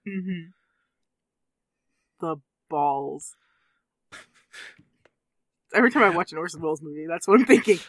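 A podcast co-host in casual film-discussion chat, giggling a lot and making short, quick asides. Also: medium pitch, lively intonation, fairly bright tone, dry recording.

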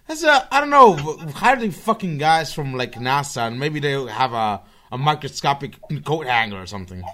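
Bright-voiced young man chatting online. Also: medium pitch, big pitch swings, normal speed. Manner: laid-back, rambling, laughs often. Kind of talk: casual chat with friends online.

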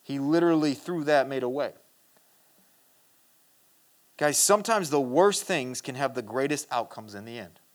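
A preacher giving a sermon in a casual, earnest way, reading scripture and talking to the listeners directly. They often restart and repeat words, and they drop into a quiet, low voice to stress a point. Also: lively intonation, moderate pace, pauses often. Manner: addresses the listeners directly as "guys" and asks for "amen"; drops to a quiet, low voice for emphasis.

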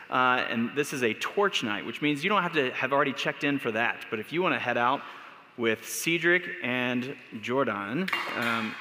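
A man's voice: mid-range voice, pushed and bright. An American man preaching a casual sermon as a pastor, talking in a loose, conversational, storytelling way. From United States. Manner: conversational, storytelling, filler words. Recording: echoey hall with long reverb.

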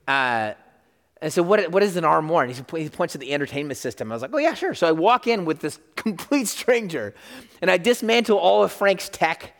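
A man's voice: on the high side, brisk, gravelly. A middle-aged man telling a story in a sermon at a church service, acting out the people he quotes. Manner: animated storyteller, acts out quotes. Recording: long reverb of a large hall.

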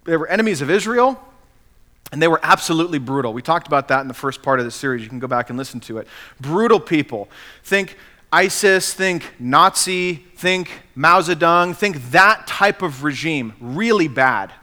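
High-voiced, animated male preacher. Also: moderate pace. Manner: animated storytelling, emphatic. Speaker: pastor. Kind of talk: sermon.

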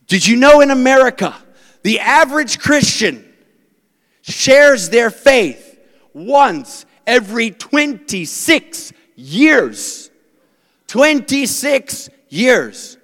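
A man preaching a sermon as pastor, telling stories with animated voices for the people he quotes. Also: extremely high pitch, slow pace, in a large hall.

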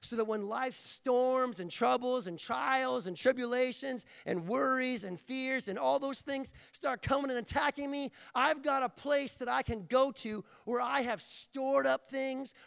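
Gravelly high-voiced preacher in a hall. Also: male voice, a bit bright. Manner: playful, jokey storytelling. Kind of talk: sermon. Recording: long reverb of a large hall.

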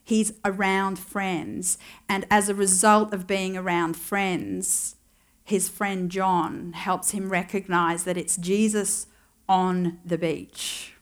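In this sermon, a woman talks to her congregation slowly and conversationally, with little movement in her middling pitch. She ponders aloud as she retells a story, adding dry little remarks along the way.

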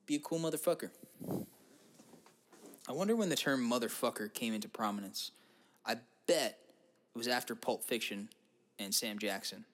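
A young man riffing his way through a podcast monologue, casual and crude. His voice sits at an ordinary middle pitch, and he keeps breaking into silly voices. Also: lively intonation, normal speed, a bit bright. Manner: casual, profane, slips into silly put-on voices. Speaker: podcast host. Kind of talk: rambling comic monologue.

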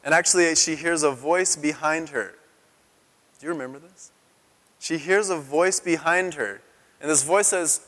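Animated male pastor in a reverberant hall. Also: on the high side, normal speed. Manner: animated storytelling, acts out quotes with raised voice. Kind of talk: sermon.

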